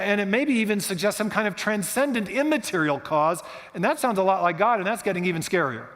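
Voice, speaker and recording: High-voiced man lecturing in a hall. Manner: explanatory, animated storytelling with restarts. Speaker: guest speaker. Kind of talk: lecture-style talk. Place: church hall. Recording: long hall reverb.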